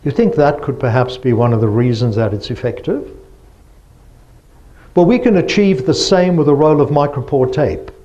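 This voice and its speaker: A man's voice: medium pitch, expressive, moderate pace, warm tone, highs cut off. A man giving a lecture presentation, explaining step by step and asking the audience rhetorical questions.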